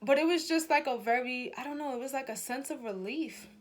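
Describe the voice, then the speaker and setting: A woman's voice: high voice, brisk, a little hiss or hum. A young adult woman giving a casual spiritual talk to her viewers, chatty and emphatic, swearing freely and calling her audience y'all. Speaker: spiritual reader and vlogger.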